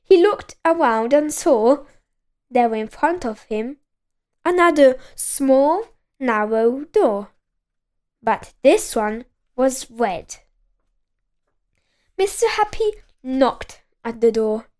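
High-pitched lady reading a kids storybook slow, keeps cracking up giggling. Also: expressive, darkish tone. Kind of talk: reading a children's storybook aloud.

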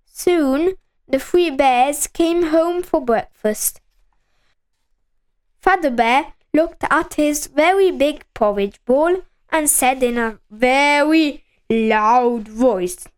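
Slow-reading woman. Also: sits high, lively intonation. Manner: slow and clearly enunciated for children. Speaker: storyteller. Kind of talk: storybook read-aloud.

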